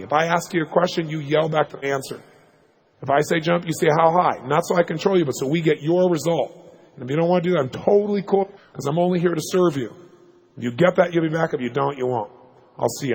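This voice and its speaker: A man giving a motivational seminar talk, telling a story in an animated, emphatic way. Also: a little high, creaky, breathy edge, rough recording. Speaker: motivational speaker.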